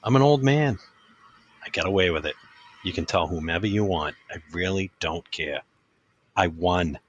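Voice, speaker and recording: A smug old newsman who brags about his lies, as a man acts him out in a comedy audio drama. His voice sits very low and slow, dismissive of anyone who questions him. A faint hiss runs under the recording. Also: highs cut off, natural voice. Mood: defiant. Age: older. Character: unrepentant old male con-man journalist.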